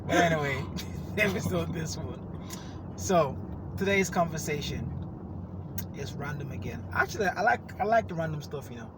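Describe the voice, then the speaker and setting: A man hosting a casual, unscripted podcast chat, playful and quick to laugh as he riffs. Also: a little high, expressive, noisy background. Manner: playful, laughs often, drawn-out filler mimicry. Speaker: podcast host.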